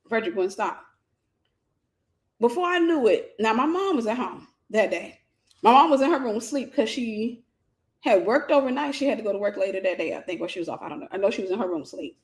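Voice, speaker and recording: A woman host telling a personal story, animated and repeating phrases for emphasis. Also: fairly high pitch.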